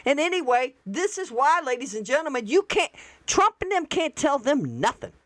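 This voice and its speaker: A woman's voice: high voice, big pitch swings, moderate pace, fairly bright tone, no room sound. A woman hosting casual political commentary, blunt and exclamatory with folksy asides. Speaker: host.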